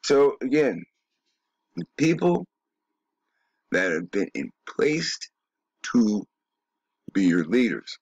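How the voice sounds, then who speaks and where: A man's voice: on the low side, big pitch swings, takes it slowly, pauses often, breathy edge, dry recording, dull audio. A man delivering a rambling, emphatic monologue, often swearing and throwing in rhetorical questions. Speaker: video commentator.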